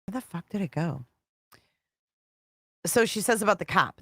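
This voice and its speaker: Woman streamer, low voice, close and dry, rambling and profane. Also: expressive, normal speed, no room sound. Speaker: true-crime commentary host. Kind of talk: casual livestream commentary reading texts aloud.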